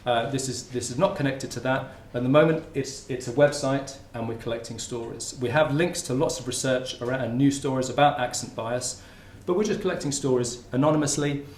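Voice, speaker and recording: A man's voice: mid-range voice, fairly quick, few pauses, slight background noise. A man giving a conference talk in a lecture room, in an informal, conversational way. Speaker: academic speaker. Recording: roomy lecture hall with faint ambience.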